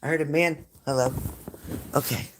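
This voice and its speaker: A slightly high male voice, steady in tone and at normal speed, comes through heavy background noise. He's a psychic tarot reader doing a casual live-streamed reading at home indoors by a glass sliding door, speaking directly to a viewer and drifting into chatty asides.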